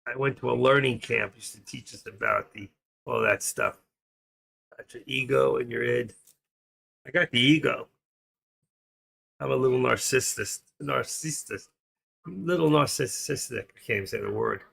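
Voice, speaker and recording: A man's voice: medium pitch, normal speed, gravelly, pauses often, pushed and bright, slightly rough. A man with a New York accent from Queens hosting a trading livestream, rambling and joking as he thinks aloud. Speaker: stock trading livestream host. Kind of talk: casual livestream chat.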